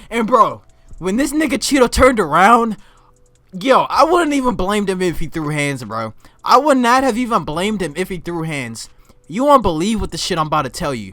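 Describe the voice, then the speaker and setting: A young man telling a story as a casual vlog rant. He talks excitably, swears a lot and often breaks into shouts and laughter. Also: high voice, dry recording. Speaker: vlogger.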